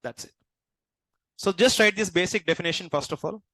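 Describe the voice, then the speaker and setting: A man, lecturing a class as instructor and constantly checking understanding with quick questions. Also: sits high, pushed and bright, no echo, rough recording.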